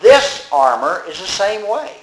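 Plain-spoken preacher with a roomy sound. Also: male voice, sits high, very animated, slight background noise. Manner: plain-spoken, reads scripture slowly with emphasis. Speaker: pastor. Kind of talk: sermon.

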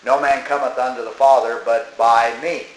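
A man's voice: medium pitch, steady tone, moderate pace, echoey room, a little hiss or hum, rough recording. A man reading a religious tract aloud and commenting on it as he goes, emphatic and scolding. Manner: emphatic, scolding, talks back to the text.

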